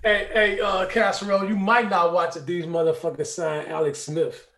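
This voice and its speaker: A man's voice: high voice, level tone, moderate pace, a crowd in the background. A man who is a regular on a talk show, arguing indignantly with profane rhetorical questions. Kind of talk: casual argumentative chat. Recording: roomy echo.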